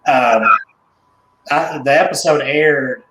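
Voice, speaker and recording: A man's voice: fairly high pitch, takes it slowly, echoey room, noisy background. A male guest on a radio talk show, explaining things in a hesitant way with many fillers and self-corrections. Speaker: guest, doll collector. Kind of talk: casual interview.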